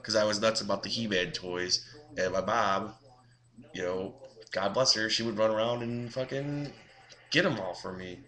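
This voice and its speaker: A man with a very bright, sharp voice that sits a little low in pitch. He rants on his video blog, exasperated and swearing freely. He slips into mocking voices when he quotes people. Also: normal speed. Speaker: vlogger.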